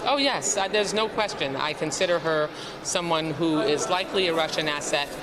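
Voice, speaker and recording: A woman politician answering interview questions in a measured, halting, formal way. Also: sits low, a crowd in the background. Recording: noisy outdoor street audio.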